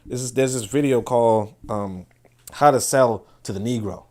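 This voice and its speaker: A man hosting a podcast, giving animated, profane, casual political commentary and often repeating words as he restarts sentences. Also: mid-range voice, moderate pace. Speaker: podcast host.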